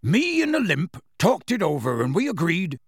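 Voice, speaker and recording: A big, warm-hearted half-giant gamekeeper, as a male audiobook reader puts him on, spinning his tale in rough dialect with clear relish. The voice is gravelly and husky, and it rises and falls with lively pitch. It sits close and dry. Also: normal speed, dry recording, exaggerated voice. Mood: gruff storytelling. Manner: rough dialect speech, dropped sounds, storytelling relish. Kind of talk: audiobook character reading.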